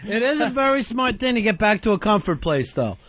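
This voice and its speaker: A man's voice: high-pitched, big pitch swings, a little fast, a crowd in the background. A man hosting a talk radio show, chatting and bantering with callers in an easygoing way. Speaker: radio host. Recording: dull lo-fi radio audio.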